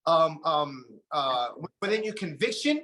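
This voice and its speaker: A man with a notably high, bright voice gives a preachy motivational talk over a video call. He urges his listeners on in earnest, pressing each point. It is the talk of a sales team leader rallying his group. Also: animated, a little slow. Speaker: network marketing team leader.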